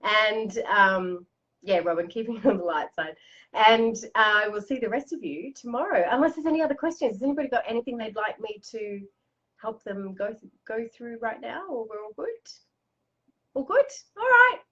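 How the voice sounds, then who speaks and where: A woman's voice: fairly high pitch, brisk, a bit bright, lo-fi sound. An Australian woman hosting a live-stream coaching chat, bubbly and chatty, laughing often. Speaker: life coach host.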